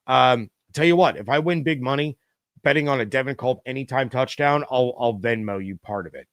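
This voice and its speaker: A middle-aged man hosts a loose, chatty sports stream, working through viewer comments with plenty of "um"s and "uh"s. His voice sits at an ordinary middle pitch. The sound is dry and close, with no room in it. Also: a little fast, a bit bright, no echo. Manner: chatty, reads viewer comments aloud with frequent fillers. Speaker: podcast host. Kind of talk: casual live-stream sports talk.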